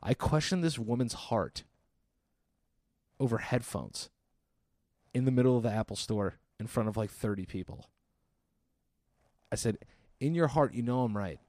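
Low-voiced man in his thirties ranting. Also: expressive, a little mellow, no room sound. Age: 30s. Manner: profane, exasperated storytelling with quick acted-out quotes. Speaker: podcast host. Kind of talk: solo comedic storytelling.

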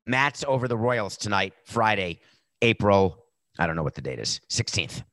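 A man hosting a sports betting podcast, talking casually and animatedly, jumping between loud outbursts and muttered asides. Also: fairly low pitch, sing-song, moderate pace, dry recording.

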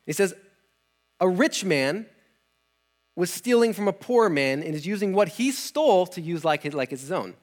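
Animated high-voiced young preacher. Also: male voice, moderate pace. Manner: animated, acts out characters with slang and laughs. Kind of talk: casual retelling sermon.

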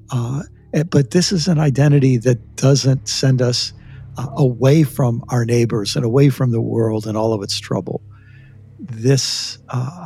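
A man hosting a podcast, leading a closing meditation with a slow, gentle, deliberate reading and long pauses. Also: mid-range voice, creaky, breathy edge. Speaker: podcast host. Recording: faint music underneath.

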